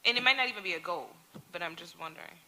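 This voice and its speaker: A woman's voice: on the low side, rapid-fire, pushed and bright, a little hiss or hum. A woman moderating a symposium panel, asking loose, searching questions with many fillers.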